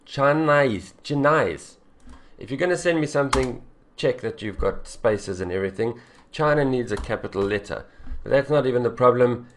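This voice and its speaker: A male writing teacher works through a student's essay and marks its mistakes. He is blunt and exasperated, and he repeats his points with emphasis. His voice sits at an ordinary middle pitch. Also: animated, brisk, a little hiss or hum. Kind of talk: essay correction lesson.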